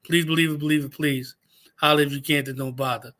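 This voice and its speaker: A man's voice: on the high side, steady tone, fast, a bit bright. A man hosting a livestream, ranting angrily and profanely, repeating himself for emphasis. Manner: profane, heated, repeats phrases. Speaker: livestream host. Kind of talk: angry livestream rant.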